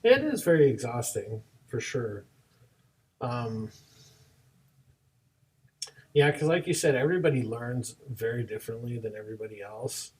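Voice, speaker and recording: A man's voice: medium pitch, normal speed, long pauses, distant mic, low-quality recording. A young man, a martial arts instructor co-hosting a podcast, telling classroom stories and acting out both sides of each exchange. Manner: animated storyteller, acts out both sides of dialogues. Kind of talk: casual chat.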